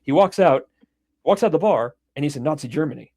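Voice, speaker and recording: Animated, swearing podcast storyteller man. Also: fairly high pitch, a little fast. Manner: animated storyteller, swears freely, acts out scenes. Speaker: podcast co-host. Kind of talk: casual chat, retelling a film.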